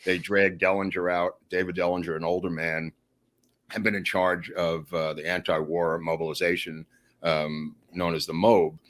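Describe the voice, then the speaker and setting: A man telling a long story in a casual podcast chat, animated and digressive, often acting out the quotes he tells. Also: deep voice, moderate pace.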